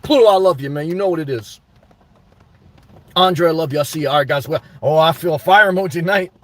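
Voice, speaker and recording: A man hosting a live stream, ranting emphatically about his life and shouting out his supporters, worked up and sweating. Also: on the high side, a little fast, dry recording. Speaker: livestream host.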